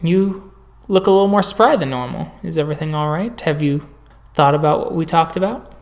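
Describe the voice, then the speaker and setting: A man voicing a sharp, suspicious female scientist in a tabletop game, speaking in a clipped, probing way. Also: on the high side, brisk, creaky. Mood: cool.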